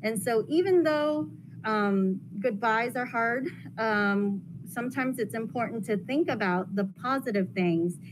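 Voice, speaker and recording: A woman speaks gently to a class as their school counselor, explaining feelings in simple words with the odd "um". Her voice sits a bit high, and the recording carries a steady noisy hiss. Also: a little slow. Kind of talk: classroom guidance talk to children.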